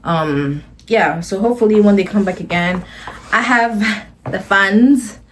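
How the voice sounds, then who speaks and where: A woman's voice: medium pitch, measured pace, a little hiss or hum. Gushing woman vlogger, casual storytime. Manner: gushing and rambling, often restarting phrases.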